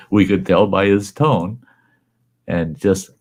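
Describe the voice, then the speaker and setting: A man's voice: on the low side, lively intonation, very slow, slightly rough. A man hosting a casual chat, telling a long joke in a folksy way and swearing freely. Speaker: host.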